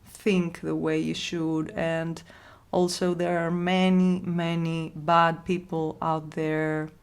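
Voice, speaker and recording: A woman ASMR host talking in a halting, heartfelt vlog, with a voice worn from illness and frequent restarts. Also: deep voice, flat delivery, clean tone. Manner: halting, repeats herself, soft laughs. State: losing her voice from illness. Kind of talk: emotional casual vlog talk.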